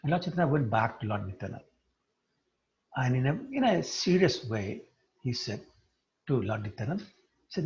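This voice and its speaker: In this dull, lo-fi recording, a man of medium pitch gives a devotional lecture at a normal speed, leaving long pauses. As a religious teacher, he tells a sacred story with animation and asks his listeners questions.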